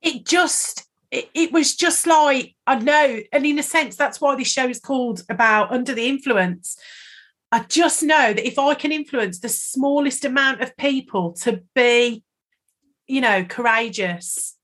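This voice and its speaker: A woman's voice: sits high, a little slow, fairly bright tone. Chatty woman, emotional and rambling. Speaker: podcast co-host. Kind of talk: casual chat.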